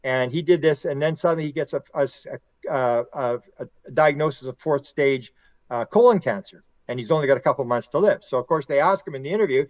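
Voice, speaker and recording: A middle-aged man, a podcast guest and author, telling long stories in a rambling, animated way and acting out quotes. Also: medium pitch, fairly quick, no echo, highs cut off. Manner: animated, rambling storyteller who acts out quotes. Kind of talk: casual conversational storytelling.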